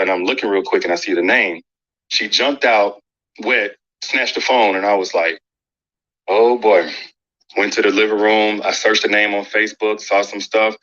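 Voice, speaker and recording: A man being interviewed, candidly recounting a personal story in a calm, conversational way. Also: fairly low pitch, lo-fi sound. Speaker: interview guest.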